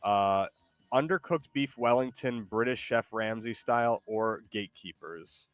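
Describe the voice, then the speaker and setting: A man hosting a casual stream, talking in a hesitant, rambling way with lots of pauses. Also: on the low side, dry recording, lo-fi sound, faint music behind. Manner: hesitant, rambling, many ums. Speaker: streamer host.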